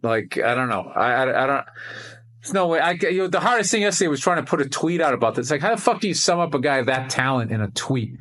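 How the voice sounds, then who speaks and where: A comedian in casual chat on a video call, talking reflectively and haltingly. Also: male voice, medium pitch, lively intonation, a bit bright. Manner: reflective, halting, lots of fillers.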